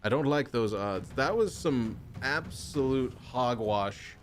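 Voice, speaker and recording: A man's voice: medium pitch, animated, takes it slowly. A young man giving casual, jokey commentary while streaming a game, mock-angry and full of silly made-up words.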